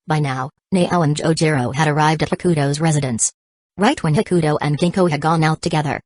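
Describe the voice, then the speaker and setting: A woman narrating an audiobook in a low voice. Her reading is even and unhurried, with uneven pauses. The sound is dry and close. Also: dry recording.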